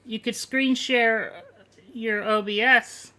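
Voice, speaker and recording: A man's voice: sits high, fairly even intonation, slow, bright, forceful tone. A man co-hosting a podcast, chatting casually and hesitantly with many fillers. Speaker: podcast co-host. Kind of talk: casual live-stream chat.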